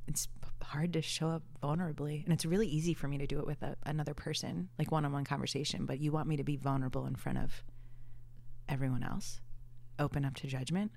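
A woman guest talking casually about her work as a photographer, animated and often laughing, her voice jumping up when she quotes herself. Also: sits low, quick pace, creaky. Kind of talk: casual podcast conversation.

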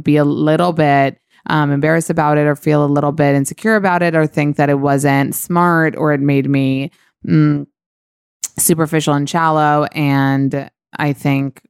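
Low, gravelly woman podcast host. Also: no echo, studio quality. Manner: chatty, many "like"s and fillers. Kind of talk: casual celebrity gossip chat.

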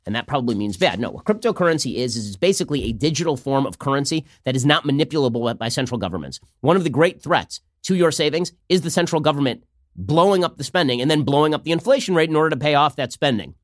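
A man hosting a political commentary show, talking fast with a sarcastic, mocking manner. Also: fairly high pitch, expressive, no echo, clean studio sound. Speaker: host.

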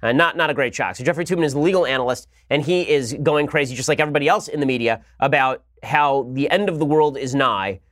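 A man's voice: mid-range voice, quick pace, hardly any pauses, fairly bright tone, no echo, clean studio sound. A man hosting a political commentary show, delivering a combative monologue in a sarcastic, mocking manner.

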